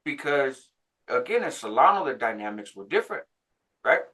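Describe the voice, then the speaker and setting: Animated man telling a prison story. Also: normal speed. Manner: animated, jumps higher when quoting others; laughs between phrases, frequent "right?". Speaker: channel host recounting prison life. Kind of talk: casual storytelling.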